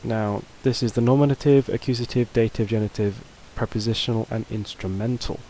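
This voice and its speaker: A man's voice: lowish voice, steady tone, a little fast, dark tone, slight background noise, rough recording. A man teaching a casual video lesson, talking loosely with fillers and restarts. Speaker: language teacher.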